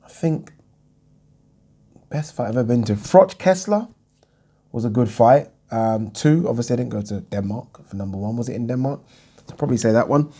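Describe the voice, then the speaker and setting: A man's voice: mid-range voice, normal speed, long pauses, dark tone. A man hosting his own boxing Q&A, answering viewer questions in a frank, rambling way with many ums. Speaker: boxing YouTube host. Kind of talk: casual Q&A chat.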